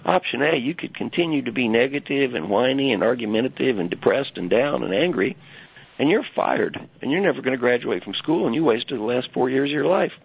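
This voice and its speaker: Man doing a sardonic old male professor: raised pitch, gravelly edge, lecturing tone, muffled recording. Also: expressive, a little fast, no echo. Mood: mocking. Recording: dull lo-fi remote audio.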